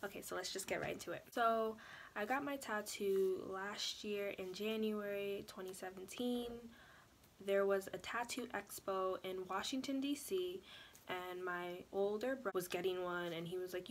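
A young woman vlogger telling a personal story in a chatty, animated way, full of "like" and "you know". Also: mid-range voice, moderate pace, slight background noise. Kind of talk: casual storytelling vlog.

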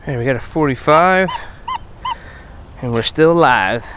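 A man giving casual running commentary while metal detecting on a beach at night, chatting to his finds with excited bursts. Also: mid-range voice, unhurried, heavy background noise. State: out of breath.

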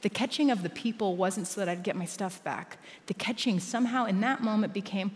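A woman's voice: mid-range voice, fairly quick, hardly any pauses. A woman giving a sermon in a church, telling a personal story and laughing often. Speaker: church speaker. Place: church auditorium. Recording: long reverb of a large hall.

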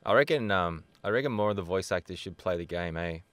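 Aussie bloke joking around in game voice chat, bouncy voice, loud bursts. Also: male voice, sits low, fast talker. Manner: playful, excitable banter with loud outbursts. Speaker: voice actor playing a video game. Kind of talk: casual gaming voice chat.

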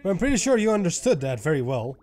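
A man giving let's play commentary who swears a lot and swings from loud frustrated yelling to low muttering. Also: very animated, fast. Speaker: gaming YouTuber.

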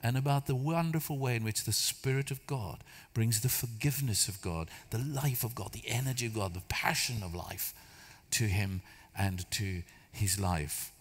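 A man's voice: on the low side, normal speed, few pauses, breathy edge. Guy preaching, chatty storytelling, bits of humor, big echoey church hall. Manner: storytelling, conversational, self-deprecating humor. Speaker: church speaker. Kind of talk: sermon. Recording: long hall reverb.

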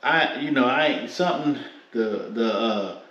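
A man's voice: medium pitch, a little slow, a bit bright, roomy sound, muffled recording. A man from the Philadelphia–New York area chatting casually in an unboxing vlog, rambling and joking in slang as he reviews sneakers.

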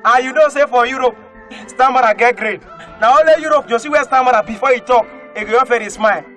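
A male comedian with a Nigerian Pidgin English accent, telling animated comic stories and often breaking into shouted put-on voices. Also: very high-pitched, fast talker. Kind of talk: stand-up comedy storytelling. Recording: faint music behind.

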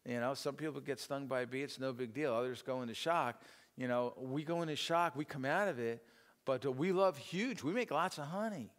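A man's voice: mid-range voice, a little fast. A middle-aged man giving an informal church teaching talk, rambling and self-deprecating, with many fillers and restarts. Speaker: speaker at a church teaching session. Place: church hall. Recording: long hall reverb.

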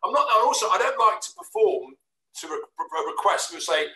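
A man's voice: sits high, expressive, brisk, pushed and bright, echoey room, a little hiss or hum. A man hosting a casual chat, self-deprecating and full of tag questions. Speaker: host.

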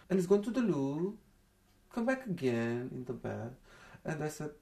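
A young man from Romania with a Romanian accent, speaking in broken English, soft and halting, as he tells a personal account in an interview. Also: a little high, very animated, gravelly. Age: young adult.

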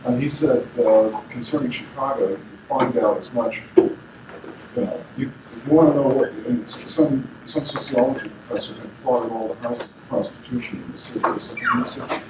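A man in the audience asking a question in a halting way, with many restarts. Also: mid-range voice, lively intonation. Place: lecture room. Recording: distant, echoey, noisy room.

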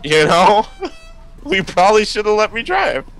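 A man's voice: high voice, sing-song, a little slow, fairly bright tone, soft background music. A man playing a co-op game, goofy and often confused, laughing a lot. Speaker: gamer. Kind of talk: casual co-op game chat.

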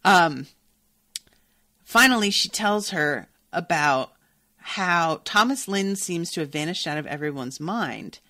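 A woman podcast host reading a novel aloud, breaking off into animated, profane reactions. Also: on the low side, slow, no room sound, studio quality.

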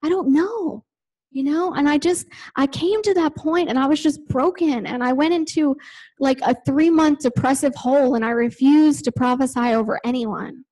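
A woman's voice: high-pitched, moderate pace, a little mellow, poor audio. A woman giving a conversational sermon in a church, chatty, with many "like" and "you know" fillers. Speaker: preacher.

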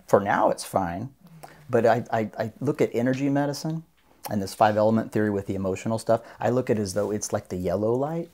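As a guest on a podcast interview, a man who is a doctor of Oriental medicine earnestly explains his practice, even acting out patients' voices. His mid-range voice is a little mellow.

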